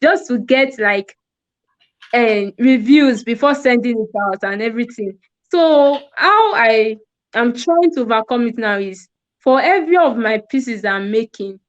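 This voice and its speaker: A woman's voice: a little high, expressive, a little slow, lo-fi sound. A woman with a Nigerian accent answering interview questions hesitantly, with many fillers, over a video call. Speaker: guest, fashion designer.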